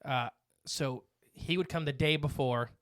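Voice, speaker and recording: His mid-range voice has a fairly bright tone and a measured pace as he co-hosts a casual podcast, reading from his notes and rambling with fillers and false starts. There's no echo on the dry close-mic recording.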